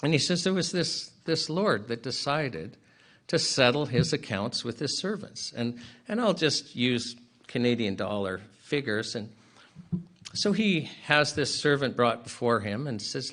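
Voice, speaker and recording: A man speaking at a public inquiry, retelling a parable in an earnest, plain-spoken way with casual asides, and often clearing his throat between phrases. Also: mid-range voice, big pitch swings, unhurried, fairly bright tone.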